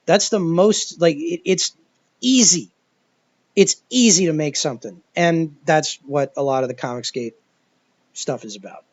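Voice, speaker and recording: A man's voice: fairly high pitch, measured pace, no room sound. A man giving a profane, rambling commentary rant, exasperated and full of restarts. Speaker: video commentator. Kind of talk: ranting commentary monologue. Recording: dull lo-fi dry recording.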